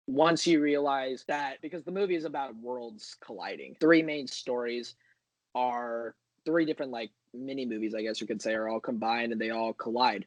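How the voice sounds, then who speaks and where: A man's voice: mid-range voice, no echo. A man talking as a podcast guest in casual chat, enthusiastic and rambling with many fillers.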